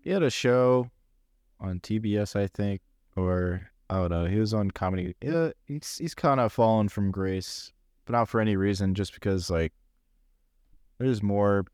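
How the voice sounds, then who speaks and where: A young man with a lowish voice who delivers wry quips in a deadpan way. The talk is casual comedic banter. The sound is dry and close. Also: moderate pace, no room sound.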